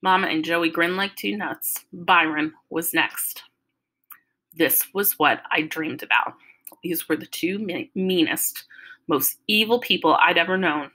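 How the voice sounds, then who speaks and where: A woman reading a novel aloud in an expressive, lively storytelling manner. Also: fairly low pitch, poor audio. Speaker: audiobook reader.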